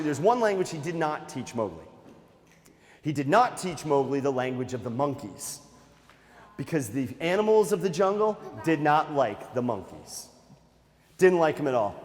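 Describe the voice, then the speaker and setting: Animated male storyteller for kids. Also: fairly high pitch, long reverb tail. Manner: animated, playful, addresses the kids. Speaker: nature museum educator. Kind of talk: storytelling to children.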